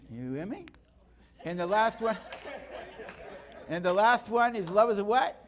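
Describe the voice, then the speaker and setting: Some chatter can be heard behind a middle-aged guest speaker whose voice sits high and moves a little slowly. In his church teaching talk, he tells stories animatedly and acts out the dialogue.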